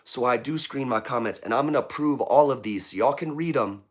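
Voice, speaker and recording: A man's voice: medium pitch, brisk. Impassioned man reading out comments. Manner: impassioned, preachy, reads out viewer comments. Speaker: political vlogger. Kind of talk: live political commentary.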